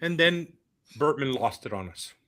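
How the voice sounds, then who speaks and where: Bright-voiced former ballplayer telling stories. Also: male voice, mid-range voice, normal speed. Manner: animated, laughing, many fillers. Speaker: former college baseball player, guest. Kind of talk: casual storytelling on a podcast.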